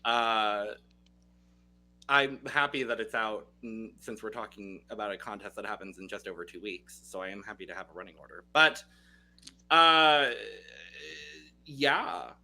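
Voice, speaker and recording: A man's voice: on the low side, a little slow, long pauses, bright, forceful tone, rough recording. A man hosting a podcast in a casual, playful chat with many fillers. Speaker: podcast host.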